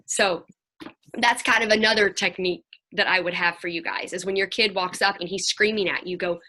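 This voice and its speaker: A woman's voice: on the low side, fairly quick. A middle-aged woman, speaking as a Christian counselor to a group of parents in an earnest, chatty way. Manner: earnest, chatty, animated when quoting children.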